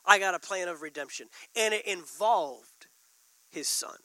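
A man's voice: sits high, expressive, unhurried, bright, forceful tone, no echo, poor audio. A man preaching a sermon, building emphasis and repeating key lines. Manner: preaching with rising emphasis and repetition. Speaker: pastor.

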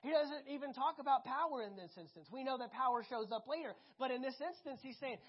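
A woman preaching a sermon, animated and conversational, often asking the congregation questions. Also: sits high, fast talker, hardly any pauses, husky, highs cut off.

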